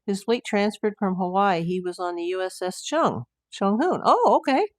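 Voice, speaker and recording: A woman's voice: medium pitch, normal speed, no room sound, clean studio sound. An older American woman hosting a casual livestream, chatting in a rambling way and reading viewer comments aloud. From United States. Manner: chatty, rambling with asides and fillers. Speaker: livestream host.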